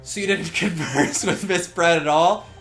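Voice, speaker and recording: A woman's voice: fairly low pitch, unhurried, soft background music, pitched below the performer's own voice, natural voice. A woman voicing a prim, self-serious male journalist witness in a courtroom game, with a mock-solemn, melodramatic delivery. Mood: self-important. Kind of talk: reading game dialogue aloud.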